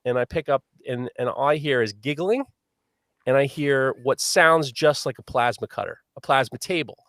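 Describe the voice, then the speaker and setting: A man hosting a live podcast, telling a long story in a lively, swearing manner. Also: mid-range voice, normal speed, dry recording, studio quality. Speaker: podcast host.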